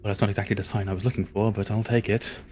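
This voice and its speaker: Man, tabletop player, low pitch, polite, measured. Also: level tone, a little mellow, soft background music. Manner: polite, measured in-character speech. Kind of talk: playing a tabletop game.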